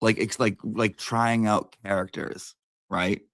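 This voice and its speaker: A man's voice: on the low side, fairly even intonation, takes it slowly, fairly bright tone, dry recording. Emphatic, profane man telling a story. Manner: emphatic and profane, with lots of asides. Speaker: vlogger. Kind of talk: casual storytelling monologue.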